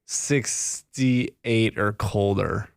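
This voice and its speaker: A man's voice: on the low side, fairly even intonation, extremely slow, creaky, smooth, no room sound. A young man co-hosting a podcast in casual chat, blunt and emphatic with brash jokes, on a close mic. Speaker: podcast co-host.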